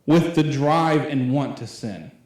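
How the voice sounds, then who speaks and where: A man's voice: on the high side, animated, takes it slowly, a little mellow. A young youth pastor in his late twenties, preaching a sermon in a loose, conversational way with lots of fillers. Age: 20s. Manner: rambling and conversational, full of fillers. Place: church hall. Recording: very echoey church room.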